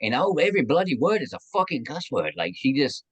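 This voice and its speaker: A man hosting a casual interview podcast, enthusiastic and animated as he asks questions. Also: on the high side, fast, husky, dry recording, poor audio. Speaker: podcast host.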